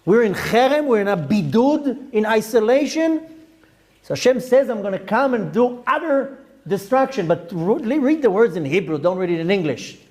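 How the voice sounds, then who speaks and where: A man's voice: sits high, sing-song, normal speed, darkish tone. A middle-aged man preaching as a rabbi, emphatic and rhetorical, often asking his listeners questions. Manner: emphatic, rhetorical questions, dips into Hebrew terms. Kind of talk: sermon.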